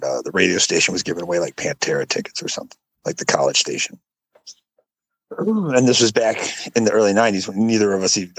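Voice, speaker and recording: A man's voice: creaky, husky, dry recording, low-quality recording. A man in his forties co-hosting a casual podcast, telling rambling stories and acting out quotes in a raised voice. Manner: rambling storyteller, acts out quotes in a high voice. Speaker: podcast co-host. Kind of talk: casual chat.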